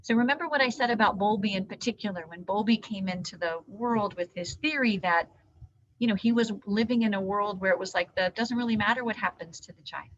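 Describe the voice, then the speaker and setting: A woman trainer giving an animated live training talk to caregivers, teaching with hand gestures. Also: mid-range voice, brisk, a little hiss or hum. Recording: dull lo-fi sound.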